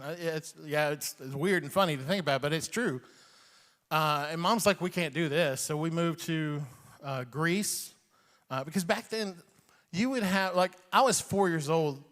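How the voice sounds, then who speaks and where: A man's voice: a little high, fairly bright tone, long reverb tail. A man in his forties, from Iran, a comedian telling a rambling personal story with chuckles and acted-out quotes. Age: 40s.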